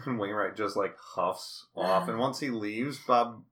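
A man's voice: lowish voice, a little slow, fairly bright tone. A man in casual chat recapping a TV episode, acting out scenes in put-on voices. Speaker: podcast co-host.

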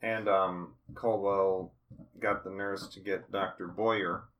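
A man's voice: sits low, little pitch movement, slow pace, fairly bright tone. A man in casual chat recapping a TV episode, acting out scenes in put-on voices. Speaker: podcast co-host.

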